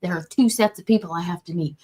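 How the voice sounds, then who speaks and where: A woman's voice: lowish voice, quick pace, a little mellow, husky. A woman from Quebec hosting a casual chat, chatty and joking, laughing often. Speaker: host.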